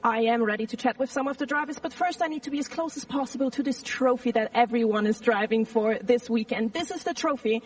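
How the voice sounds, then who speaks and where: A chatty, bubbly female pit reporter with a fairly high voice, talking freely as she works the grid. She is recorded outdoors, a little far from the mic. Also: fast talker, few pauses. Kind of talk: live trackside interviewing.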